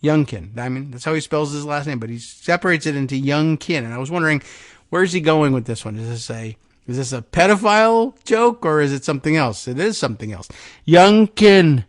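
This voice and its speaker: A man's voice: a little high, lively intonation, a little fast, no room sound, clean studio sound. A man hosting a political talk show, giving loose, sarcastic commentary with mocking asides. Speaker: political podcast host. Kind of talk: talk-radio style news commentary.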